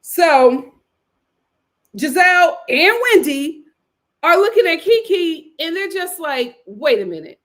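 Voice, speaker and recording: Casting: high-voiced, very expressive woman host, for a chatty recap show. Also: slow pace, long pauses. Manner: animated, acts out cast members' lines with big vocal swings. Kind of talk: casual recap commentary.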